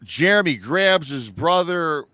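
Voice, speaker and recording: A man's voice: fairly high pitch, lively intonation, takes it slowly, pushed and bright, dry recording. A man hosting a live show, retelling a listener's story in a rambling, casual way and acting out the quoted lines. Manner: rambling, repeats himself, acts out quoted lines.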